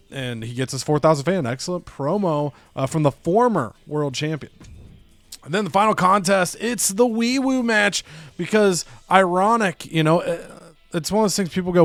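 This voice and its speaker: A man casually recapping a wrestling management game, animated and profane, slipping into other characters' voices. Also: on the high side, brisk, no echo. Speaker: let's play host.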